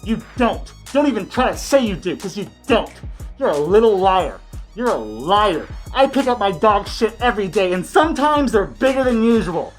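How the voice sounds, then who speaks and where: A woman doing a comedic impression of a haughty celebrity who accuses and defends herself in a shrill, combative way. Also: very animated, moderate pace, faint music behind, lightly acted. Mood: scornful.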